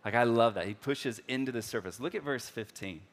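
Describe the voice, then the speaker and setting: A man preaching a sermon in a conversational way, full of fillers, acting out the scripture dialogue and swinging from soft, slow passages to loud, excited ones. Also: mid-range voice. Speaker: pastor.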